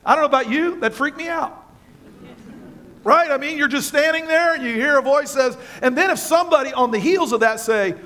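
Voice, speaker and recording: In a church sanctuary with a congregation, a male pastor preaches a sermon in an extremely high, fairly quick, bright and forceful voice. He's emphatic and passionate, repeating phrases for stress.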